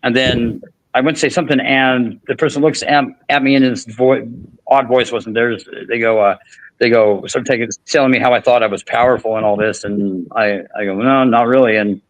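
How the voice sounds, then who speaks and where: A man's voice: mid-range voice, steady tone, fairly quick, dry recording, poor audio. Rambling man telling a story. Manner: rambling, many restarts and fillers. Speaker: podcast host. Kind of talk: casual storytelling chat.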